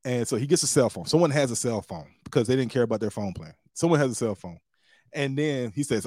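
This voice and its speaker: A man hosting a podcast, telling a story in a casual, animated way and acting out what others said with big jumps in his voice. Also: brisk, no room sound, clean studio sound. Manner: animated, acts out quotes with big pitch jumps. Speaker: podcast host.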